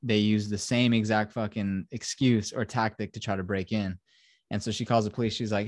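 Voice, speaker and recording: In a clean studio recording with no room sound, this young podcast host retells a movie's story in a rambling, profane chat. His voice is lowish and steady, at a moderate pace.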